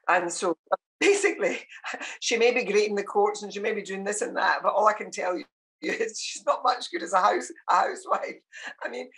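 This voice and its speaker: A woman in her sixties from Scotland, telling family stories in a relaxed interview and laughing often. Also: medium pitch, a little fast, rough recording. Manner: warm storytelling, laughs often. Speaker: guest. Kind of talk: casual interview chat.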